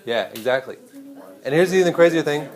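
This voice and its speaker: A male teacher giving a lively, hands-on classroom lecture and speaking directly to his students. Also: fairly high pitch, brisk, echoey room.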